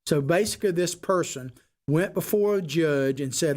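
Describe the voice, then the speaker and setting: A man's voice: a little high, moderate pace, darkish tone. A man talks straight to his audience on a solo political show. He is combative and opinionated. He leans on rhetorical questions to press his points. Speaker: political talk show host.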